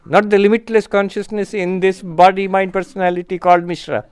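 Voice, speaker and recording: A man gives an unhurried spiritual lecture, reflecting aloud and pausing over terms. His voice is smooth and resonant, sitting slightly high for a man. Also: steady tone, darkish tone. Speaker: spiritual teacher. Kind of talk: lecture with audience questions.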